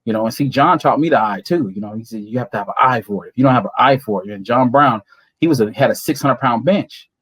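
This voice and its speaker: A man telling a lively, slangy story in an interview and acting out what other people said. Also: mid-range voice, quick pace, breathy edge. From Southern California. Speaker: guest bodybuilder.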